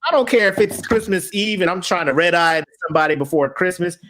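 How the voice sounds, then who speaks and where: A man's voice: high voice, fast, fairly bright tone, a little hiss or hum. A young man co-hosting a podcast, joking and swearing in casual chat. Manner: laid-back, joking, swearing. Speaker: podcast co-host.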